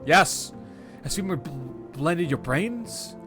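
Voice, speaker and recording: A man voicing a gruff, blunt tall man in a game, in a flat, grumbling tone. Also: fairly high pitch, drawn-out words, music in the background.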